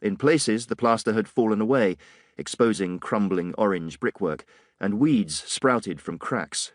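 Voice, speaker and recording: Male audiobook narrator, low, expressive, wry, dry studio. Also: a little slow, no room sound. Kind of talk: scripted narration.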